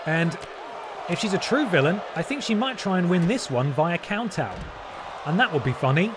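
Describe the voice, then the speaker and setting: Streamer joking through wrestling commentary. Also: male voice, sits high, lively intonation, normal speed, a crowd in the background, noisy background. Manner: jokey mock-announcer delivery with asides. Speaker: gaming streamer. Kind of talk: playful wrestling commentary over gameplay.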